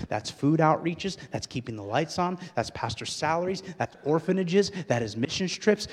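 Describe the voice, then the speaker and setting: A pastor delivers a sermon in a big-sounding room, swinging between quiet, low asides and loud, rising, emphatic passages.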